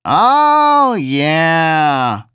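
A lazy, drawling driver from the backwater fringes of a settlement, as a male audiobook narrator puts him on, talking in a high, raised voice with a careless, offhand ease. The read sounds dry and close, with no room around it. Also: wildly swooping pitch, very slow, pushed and bright, clear, resonant tone, dry recording, exaggerated voice. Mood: amused. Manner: offhand, casual.

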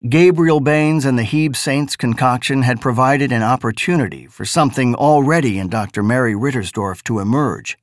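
A man narrating a novel with a measured, deliberate delivery. His voice sits in a middle register and sounds dry and close, with no room echo. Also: mid-range voice. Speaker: audiobook narrator.

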